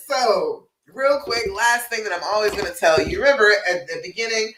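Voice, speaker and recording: A woman's voice: medium pitch, moderate pace, fairly bright tone, roomy sound, distant mic, a little hiss or hum, poor audio. A woman relationship coach giving direct, encouraging advice on a live stream, checking in with her listeners as she goes. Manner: direct and encouraging, tag questions like "all right?"; laughs often, frank and a little salty.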